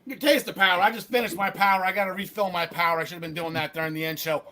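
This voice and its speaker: A man hosting a wrestling podcast, chatting casually with jokes, rambling and swinging between loud bursts and mumbled asides. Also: high-pitched, steady tone, very fast. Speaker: podcast host.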